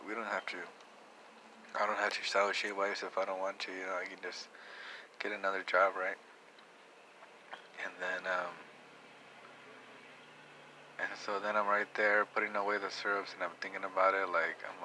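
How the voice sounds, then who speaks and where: A young man telling a personal story in a reflective, rambling way, with many halting restarts. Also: sits low, pushed and bright, a little hiss or hum, low-quality recording. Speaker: vlogger.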